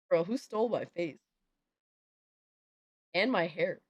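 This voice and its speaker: An excitable woman hosts a casual livestream, swearing freely and talking in street slang. Her pitch leaps up and down constantly. The sound is close and dry, with no room echo. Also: takes it slowly, long pauses, breathy edge. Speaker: livestream host.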